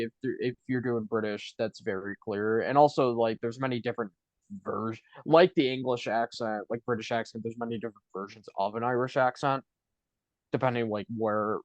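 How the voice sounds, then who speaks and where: A man's voice: medium pitch, no room sound. Rambling man with a Buffalo accent. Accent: Buffalo, New York. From Buffalo, New York, USA. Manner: rambling, hedging with lots of fillers. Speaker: podcast co-host. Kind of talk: casual chat. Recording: dry, slightly dull lo-fi sound.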